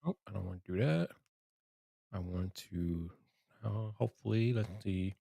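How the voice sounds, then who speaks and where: A man's voice: low-pitched, expressive, a little slow, creaky, dark tone, no echo. A man hosting a casual livestream, greeting chat viewers by name and sounding exasperated. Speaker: livestream commentary host.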